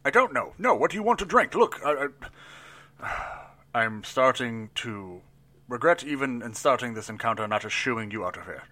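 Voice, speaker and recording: A man's voice: medium pitch, sing-song, moderate pace, sharp tone. A man playing a nervous, overweight male elf barkeep who stammers and gets flustered.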